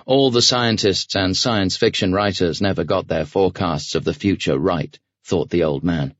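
A man narrating an audiobook in a measured, even reading voice, recorded close in a studio. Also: low-pitched, no echo. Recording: dry, slightly dull studio recording.

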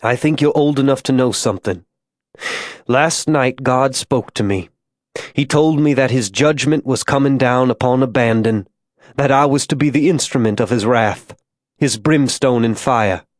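Tormented frontier zealot, soft-spoken and fervent, read by a male narrator; dry, close audiobook voice. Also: mid-range voice, moderate pace, dry recording, close to an everyday voice. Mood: preaching. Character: grown man, tormented religious zealot, gentle to a child.

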